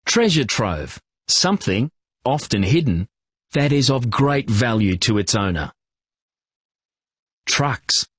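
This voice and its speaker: Man, husky voice, slow, lively pitch, children's reading lesson narration, dry close sound. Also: no room sound. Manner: clear, encouraging, slow instructions with praise. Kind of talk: scripted narration and instructions for children.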